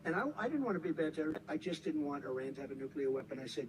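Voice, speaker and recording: A man's voice: on the high side, lively intonation, very fast, few pauses, background noise. An American man in his seventies giving a rambling, repetitive, emphatic campaign rally speech from a podium. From United States. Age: 70s. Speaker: politician.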